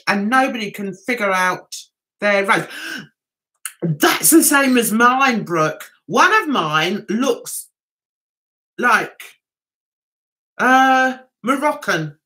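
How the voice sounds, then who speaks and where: Livestream host, middle-aged woman, Mancunian accent, bright and bubbly tone, reads chat comments between giggles. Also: mid-range voice. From Manchester, England. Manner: chatty, giggly, reads viewer comments aloud.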